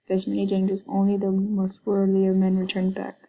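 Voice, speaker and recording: A woman's voice: mid-range voice, completely flat delivery, a little fast, narrow, tinny audio, close to an everyday voice. A woman reading out the lines of a stern, formal guardian of a holy shrine in a video game. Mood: solemn. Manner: formal, warning tone.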